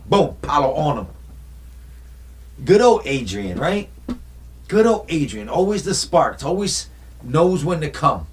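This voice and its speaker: A young man vlogging in a casual, animated way, retelling movie scenes and acting out lines as he goes. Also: medium pitch. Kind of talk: casual movie-talk vlog.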